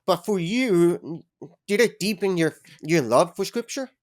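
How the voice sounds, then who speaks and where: A podcast host asking a guest a question in a hesitant, halting way. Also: medium pitch, animated. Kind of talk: interview questions.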